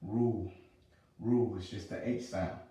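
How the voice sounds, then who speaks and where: A man teaching pronunciation, repeating each sound slowly and patiently. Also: lowish voice, fairly even intonation, warm tone. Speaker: religious language teacher. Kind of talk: teaching a lesson. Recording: roomy sound from a distant mic.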